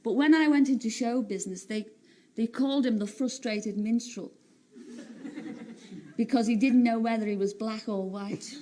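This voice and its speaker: A woman in her late thirties from Liverpool, speaking with a Liverpool accent as a talk-show guest, telling stories in a chatty, animated way and laughing often. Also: a little high, normal speed, pauses often, slight background noise. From Liverpool, England. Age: 30s. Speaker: singer and TV entertainer, guest. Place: TV studio.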